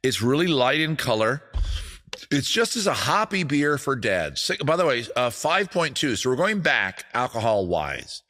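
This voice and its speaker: A man's voice: mid-range voice, big pitch swings, moderate pace, pushed and bright. A man hosting a casual comedy stream from home, rambling loosely and swearing as he jumps between bits and asides. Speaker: comedy show host. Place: home studio. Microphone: streaming setup with cameras.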